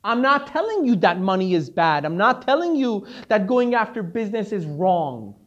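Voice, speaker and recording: Brief: a man doing a stern rabbi scolding a student, rhetorical and lecturing, with a lively, rising and falling pitch. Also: moderate pace, highs cut off, heavily acted. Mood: explaining.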